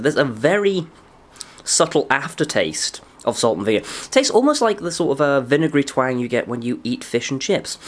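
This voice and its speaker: A young man giving a casual, dry-humoured food review, often talking while chewing. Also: mid-range voice. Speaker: food vlogger.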